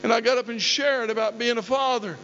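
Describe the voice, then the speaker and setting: A man's voice: very high-pitched, fairly even intonation, a little fast, a bit bright. An older man preaching a sermon, telling folksy stories and rising to emphatic calls. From southeastern Oklahoma. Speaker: pastor. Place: church hall. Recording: dull recording in a long-reverb hall, faint hum.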